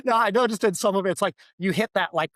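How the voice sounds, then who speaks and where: Slightly high-voiced male co-host. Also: fast, fairly bright tone, no echo, studio quality. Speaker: podcast co-host. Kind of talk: casual podcast conversation.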